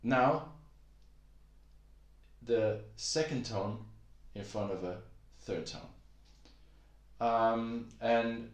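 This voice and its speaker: A man giving a casual spoken lesson on pronunciation, relaxed and halting, with many fillers, slowly demonstrating sounds. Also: medium pitch, echoey room. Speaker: language teacher.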